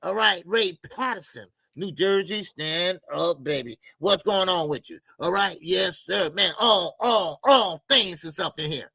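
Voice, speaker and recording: A man's voice: sits high, a little slow, vocal fry, few pauses, husky, no echo. A man hosting a casual boxing livestream, laid-back and chatty, greeting viewers by name and laughing often. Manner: loose, shout-outs to chat, laughs often.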